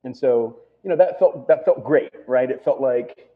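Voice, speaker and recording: A man's voice: mid-range voice, normal speed. A middle-aged man, a restaurant owner, talking casually in an interview, rambling with lots of "you know" and "right?". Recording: tinny phone-like line.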